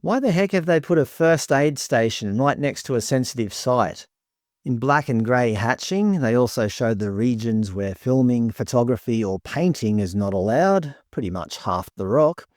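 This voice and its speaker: A man's voice: mid-range voice, animated, moderate pace, darkish tone, no echo, clean studio sound. A man delivering scripted commentary in a sarcastic, indignant way. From Australia. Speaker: commentary vlogger.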